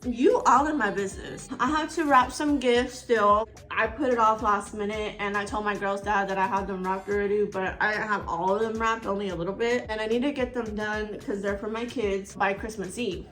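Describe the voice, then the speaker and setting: A woman's voice: mid-range voice, fairly even intonation, normal speed, few pauses, fairly bright tone, soft background music. A woman, chatting casually as she tells a story while getting ready at home. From Texas. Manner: chatty, rambling, acts out dialogue. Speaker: storytime YouTuber. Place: at home indoors by a window.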